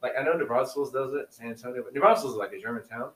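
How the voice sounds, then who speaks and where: A man's voice: medium pitch, very fast, recorded from a distance, crowd noise. Casual male podcast co-host, rambly and laughing, a bit off-mic in a roomy space. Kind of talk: casual chat.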